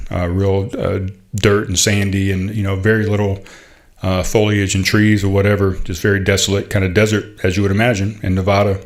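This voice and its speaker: A middle-aged man hosting a podcast, telling a heartfelt story in a halting, casual way, full of fillers and restarts. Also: fairly low pitch. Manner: heartfelt, proud. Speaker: podcast host.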